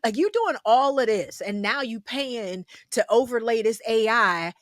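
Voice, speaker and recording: A woman's voice: a little high, lively intonation, a little slow, no echo, clean studio sound. A woman co-hosting a podcast in casual discussion, candid and emphatic in her opinions. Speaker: podcast co-host and TV broadcaster.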